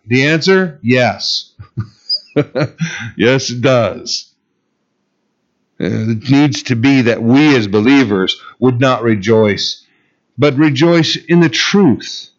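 Guy preaching, chatty and jokey, mid pitch, kinda muffled lo-fi audio. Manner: conversational, humorous, chuckles often. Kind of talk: sermon.

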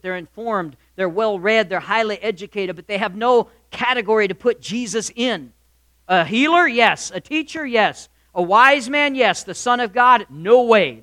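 A man preaching a sermon to a congregation. He talks to listeners directly, asks rhetorical questions and swings between loud declarations and quiet asides. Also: sits high, no echo. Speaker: pastor. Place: church or hall with live congregation.

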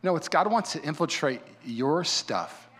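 Man, pastor, sermon, fervent fired-up delivery, quick repeats, high-pitched. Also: animated, fairly bright tone, a little hiss or hum.

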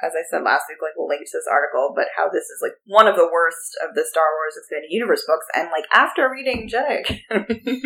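A woman's voice: lowish voice, fast talker, creaky, few pauses, pushed and bright, poor audio. A woman co-hosting a podcast, chatting about a book in a rambling way with many fillers. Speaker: podcast co-host. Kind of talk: casual book-club chat.

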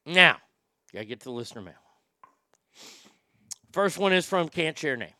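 Playing a brash, crude middle-aged radio host for a comedic monologue, a man rambles with tobacco in his mouth and swears freely. His exaggerated voice sits on the high side with big pitch swings and a sharp tone, at a moderate pace and with no echo.

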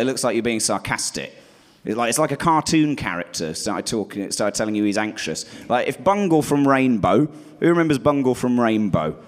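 A man performs stand-up comedy with a rambling, self-deprecating delivery. His pitch swings widely between bright, raised lines and low, muttered asides. It sounds like a live routine on a comedy club stage.

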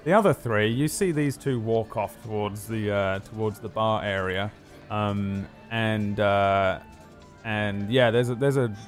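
A man's voice: lowish voice, unhurried, soft background music. A man narrating as game master of a tabletop game, loose and rambling with many fillers.

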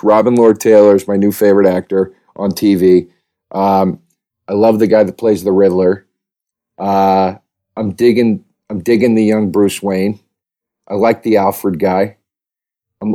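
A man hosting a podcast, rambling through a comedic monologue with profane, animated rants that keep second-guessing themselves. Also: lowish voice.

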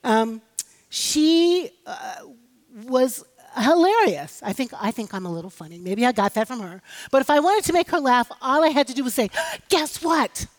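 A middle-aged woman pastor delivers a sermon from the pulpit. She tells personal stories with gentle humor and turns often to her congregation with questions. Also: a little high, sing-song, fast talker, hardly any pauses. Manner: storytelling, personal and humorous, speaks directly to the congregation.

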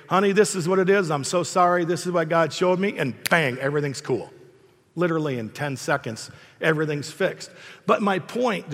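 A man's voice: sits high, a bit bright. A man in his sixties, a pastor preaching a sermon in a conversational, self-deprecating storytelling way. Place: church hall. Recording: long reverb of a hall.

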